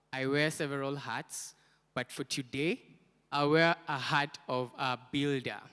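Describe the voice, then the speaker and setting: A man's voice: mid-range voice, fairly bright tone, clear, resonant tone. A man presenting a product at a conference, drawing the audience into call-and-response. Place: conference hall. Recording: reverberant conference hall.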